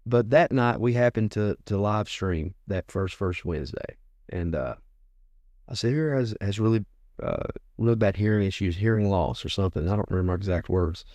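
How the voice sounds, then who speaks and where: Low, mellow-voiced man in his forties. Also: moderate pace, no room sound. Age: 40s. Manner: repeats words, retells what he said. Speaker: guest minister. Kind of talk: storytelling testimony.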